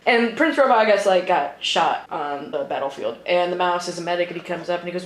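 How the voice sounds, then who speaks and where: A woman's voice: on the low side, fast, hardly any pauses. Woman, 30s, podcast co-host; loose, profane, giggly; roomy, slightly noisy recording. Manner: swearing, laughing, chatty. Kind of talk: casual chat. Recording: echoey room with faint noise.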